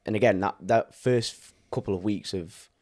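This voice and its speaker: Man, very low voice, casual podcast chat, explains things at length. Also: normal speed, darkish tone. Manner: explains coaching advice at length, with filler words. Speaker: fitness coach and podcast co-host.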